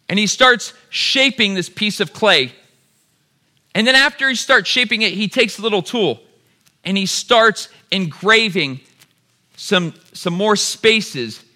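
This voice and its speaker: Addressing the crowd as "y'all," this preacher has a voice that sits high for a man and rings bright and powerful. He hammers home his points with short, repeated phrases that build to emphatic peaks.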